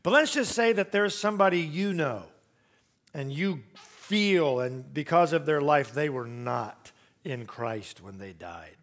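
A man preaching a sermon, telling stories and acting out quotes, swinging from loud rising emphasis to very soft low tones. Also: lively intonation, a little slow. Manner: storytelling preacher who acts out quotes. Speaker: pastor.

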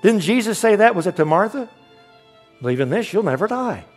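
A man preaching a sermon as pastor, swinging from emphatic calls to quiet asides and light jokes. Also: sits high, big pitch swings, a little fast, slightly rough, soft background music.

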